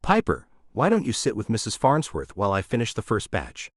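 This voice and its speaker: A man reading an audiobook, voicing a gruff, grumpy young man who bakes for a living. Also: lowish voice, wildly swooping pitch, fairly quick, dry recording, studio quality. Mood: curt. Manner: curt, gruff. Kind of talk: audiobook character voice.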